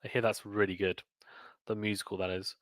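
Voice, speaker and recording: His voice is on the low side and flat, moving fairly quickly with no echo. He is a young man livestreaming commentary on a tennis match, giving casual play-by-play and reading chat comments aloud between points.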